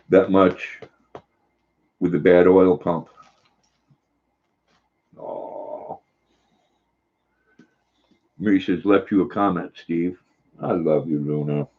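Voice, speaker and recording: An older man hosting a casual livestream, slowly reading out viewer comments and cooing fondly at his dog. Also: low voice, level tone. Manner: slow, folksy, reads comments aloud and coos at his dog. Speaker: livestream host. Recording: slightly dull lo-fi sound.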